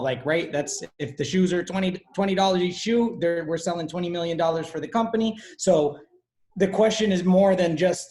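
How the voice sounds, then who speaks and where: A slightly high-voiced man thinks out loud, reflecting on what he learned with plenty of "like" and "um." He sounds casual and searching as he works through his ideas. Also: normal speed. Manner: thoughtful, filler-heavy. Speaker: student. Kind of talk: casual video call discussion.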